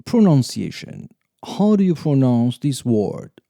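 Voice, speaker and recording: A man reading English lesson phrases and example sentences in a slow, deliberate drill style. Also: mid-range voice, sing-song, gravelly, warm tone, dry recording, studio quality. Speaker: English teacher.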